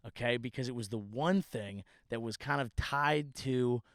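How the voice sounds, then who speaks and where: A man's voice: mid-range voice, moderate pace, fairly bright tone, dry recording, clean studio sound. A man hosting his own show as a comedian, telling rambling, profane, self-deprecating stories in a casual monologue outdoors. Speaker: comedian and podcast host. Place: outdoors by a ditch at a family home.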